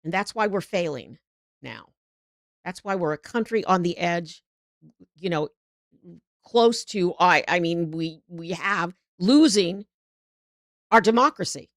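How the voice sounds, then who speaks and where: A woman's voice: fairly low pitch, lively intonation, takes it slowly, pauses often, no room sound, studio quality. A middle-aged woman hosting a live political show, talking in a heated, rambling way with frequent restarts.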